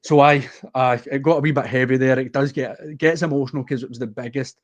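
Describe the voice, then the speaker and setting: A man's voice: medium pitch, steady tone, fast talker. Earnest Scottish man telling his story. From west of Scotland. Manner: earnest, heartfelt, unguarded. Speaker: guest. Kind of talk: candid personal storytelling in a podcast interview.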